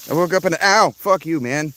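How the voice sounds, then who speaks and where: A man's voice: a little high, normal speed, bright, forceful tone. A man chatting casually on a live stream at an outdoor campsite, rambling, swearing freely and greeting chat viewers.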